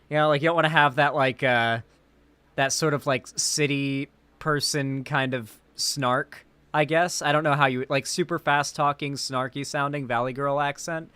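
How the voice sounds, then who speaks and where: A man with a Midwest American accent giving animated, sweary, rambling reaction commentary. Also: on the high side, normal speed, smooth, no room sound. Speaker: commentary host.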